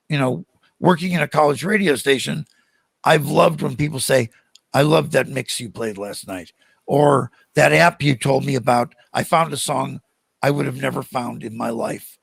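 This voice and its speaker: An older American man, a podcast guest, telling animated stories and acting out the voices of the people in them. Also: medium pitch, moderate pace, vocal fry, slightly rough, dry recording. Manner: animated, acts out quoted voices. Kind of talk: storytelling in a podcast interview.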